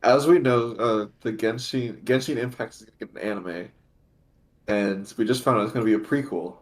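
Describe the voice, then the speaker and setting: A young man co-hosting a casual podcast, blunt and joking with a deadpan delivery. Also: on the low side, fairly quick. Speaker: podcast co-host. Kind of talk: casual chat.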